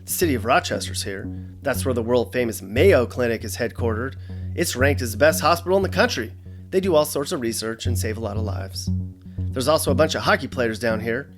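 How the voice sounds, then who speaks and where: A man hosting a comedic explainer, narrating in a dry, sarcastic, deadpan way. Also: mid-range voice. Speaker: host.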